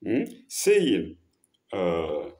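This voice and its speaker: A male preacher with a low voice that swings up and down as he recites Quran verses and unpacks them in English. He keeps asking rhetorical questions to his listeners. The sound carries a roomy echo. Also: wildly swooping pitch, drawn-out words, darkish tone. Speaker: Islamic preacher. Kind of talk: sermon teaching Quran verses.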